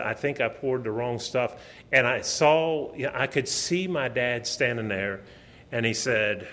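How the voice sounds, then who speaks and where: A middle-aged man preaching a sermon in a lecture hall, telling a personal story and acting out the quotes with a raised voice. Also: medium pitch. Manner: animated storytelling, acts out quotes loudly.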